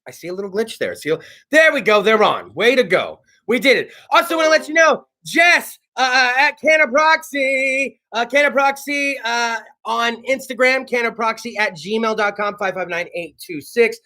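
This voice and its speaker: A South Texas man hosts a casual talk show in a very high voice at normal speed. He's loud, excitable and profane, and often bursts into shouts while plugging sponsors.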